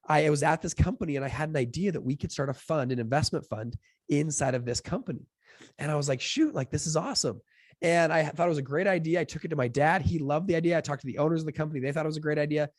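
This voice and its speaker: A man's voice: on the high side, dry recording. Young man, podcast guest; talky, filler-heavy storyteller; dry close sound. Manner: chatty, filler-heavy, acts out quotes with lively voices. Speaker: podcast guest, fund founder. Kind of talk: casual storytelling in an interview.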